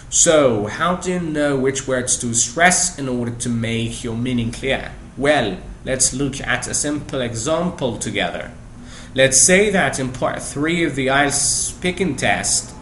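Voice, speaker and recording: A man's voice: mid-range voice, fairly bright tone, slight background noise. A man whose first language is Persian, giving a scripted podcast lesson on exam tips and speaking to the listener directly with questions. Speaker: English test-prep teacher. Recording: echoey room with faint ambience.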